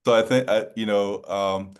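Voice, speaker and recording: In a smooth voice on the low side with fairly even intonation, a New Orleans man hosts an interview conversationally. He hesitates and keeps rewording his questions as he works them out.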